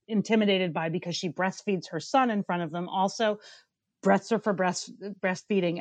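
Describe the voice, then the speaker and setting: A woman's voice: lowish voice, no room sound. A woman co-hosting a podcast, giving blunt, profane, opinionated reviews in casual chat and ranting with bursts of laughter. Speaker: podcast co-host.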